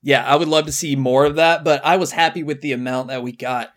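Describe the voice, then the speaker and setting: Male podcast co-host, laid-back and conversational, slightly high voice. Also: steady tone, fast. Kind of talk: casual movie review chat.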